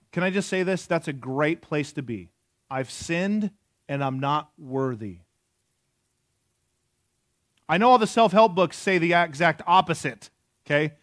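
A man's voice: a little high, no room sound, clean studio sound. A man in his forties preaching a sermon in a conversational way, asking the audience questions and joking. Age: 40s. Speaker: pastor.

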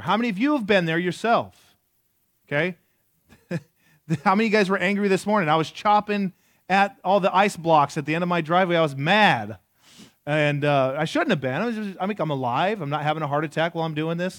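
A man's voice: fairly high pitch, brisk, fairly bright tone, no room sound, clean studio sound. A man in his forties preaching a sermon in a conversational way, asking the audience questions and joking. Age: 40s. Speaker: pastor.

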